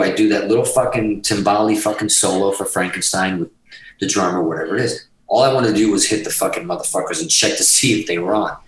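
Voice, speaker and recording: Profane, animated man telling stories. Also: fairly low pitch, echoey room, recorded from a distance, rough recording. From Massachusetts. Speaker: guest guitarist. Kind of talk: casual storytelling interview.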